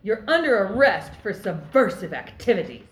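A woman's voice: medium pitch, very animated, moderate pace, slight background noise, lightly acted. A woman reading the part of a bossy, suspicious female officer who barks accusations, in an amateur script reading. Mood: accusing. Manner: accusing, barking. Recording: echoey room.

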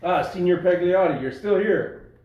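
A man playing a gruff, suspicious lawman in a play read-through, blunt and demanding. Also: high voice, normal speed, natural voice. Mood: stern. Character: gruff, suspicious male lawman searching for liquor. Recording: roomy, muffled recording.

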